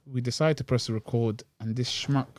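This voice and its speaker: A man's voice: medium pitch, fairly even intonation, a little fast, darkish tone, no echo. Exasperated young man ranting. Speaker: podcast co-host. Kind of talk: casual podcast banter.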